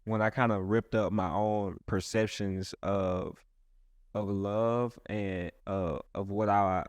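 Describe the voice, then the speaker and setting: A man's voice: on the low side, dry recording. A man who is a pastor, talking earnestly and casually in a rambling way with many restarts. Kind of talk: casual podcast chat.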